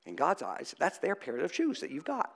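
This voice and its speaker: Male preacher, slightly high voice, animated conversational sermon. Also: normal speed, creaky, husky. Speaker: priest.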